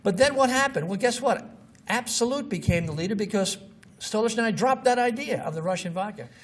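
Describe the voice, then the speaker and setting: A man's voice: high-pitched, lively intonation, fairly quick. A man giving an informal lecture, walking through examples with blunt, scoffing asides. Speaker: marketing lecturer. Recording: distant mic with faint noise.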